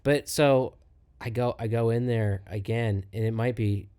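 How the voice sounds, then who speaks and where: A young man co-hosting a comedy podcast, telling a story in a casual, animated way and acting out both sides of the conversation. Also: medium pitch, unhurried, clean tone. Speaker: podcast co-host.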